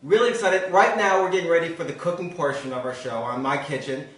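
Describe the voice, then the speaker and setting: A man's voice: on the high side, quick pace, fairly bright tone. A man hosting a casual cooking talk show from his home kitchen, upbeat and chatty with lots of fillers. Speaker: host. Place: home kitchen with live audience. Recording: echoey room, mic far off.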